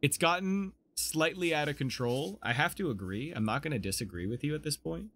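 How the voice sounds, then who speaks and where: A man, a game streamer in casual live-stream chat, gushing and excitable, with faint music behind him. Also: a little high, fairly quick. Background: faint anime music.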